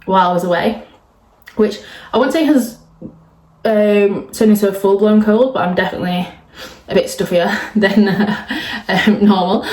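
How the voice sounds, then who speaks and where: Stuffy-voiced woman vlogging. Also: mid-range voice. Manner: chatty, rambling with fillers. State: stuffy with a cold and cough. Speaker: triathlete vlogger. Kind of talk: casual vlog chat. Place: at home indoors. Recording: roomy echo.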